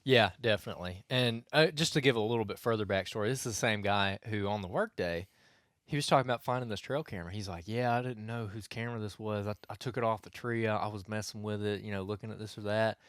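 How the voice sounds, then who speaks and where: A man's voice: lowish voice, quick pace, fairly bright tone, no echo, studio quality. Rambling man telling a hunting story. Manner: rambling storyteller, many restarts and asides. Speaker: podcast co-host. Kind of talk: casual hunting podcast chat.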